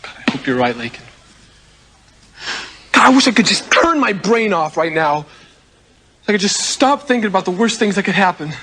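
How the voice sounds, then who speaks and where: A man's voice: high voice, sing-song, moderate pace, long pauses, bright, forceful tone, slightly rough, exaggerated voice. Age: young adult. Figure: a subdued, troubled young man. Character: worried young man from a wealthy family.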